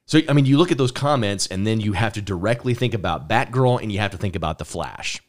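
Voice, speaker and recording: A man's voice: on the low side, animated, fast. A man hosting a casual podcast, enthusiastic and repeating words as he starts his thoughts. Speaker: podcast host.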